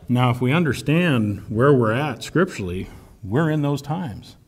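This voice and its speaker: A man preaching a conversational sermon, reading scripture aloud between casual remarks and often asking "right?" to his listeners. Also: mid-range voice. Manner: casual, asks "right?" often, pauses to search for words.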